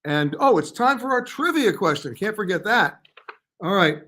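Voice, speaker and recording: A chatty male travel host answers viewers live, reading their comments aloud and passing quick verdicts on their guesses. His voice sits a little higher than most men's, and he keeps it loose and conversational. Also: sing-song, sharp tone. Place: hotel or studio in Paris.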